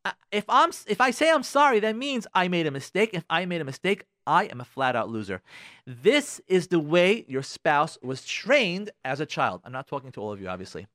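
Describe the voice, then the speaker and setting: A man's voice: fairly high pitch, big pitch swings, normal speed, a bit bright, no echo, studio quality. A middle-aged man hosting a radio talk show, giving insistent advice and repeating his points straight to the listeners. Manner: insistent, repeats phrases, addresses listeners directly. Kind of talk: emphatic advice monologue.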